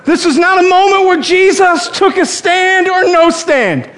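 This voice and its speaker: Guy preaching a sermon, really high voice, jokey and animated, acts out little quotes. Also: unhurried, some chatter behind. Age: adult, married. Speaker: pastor.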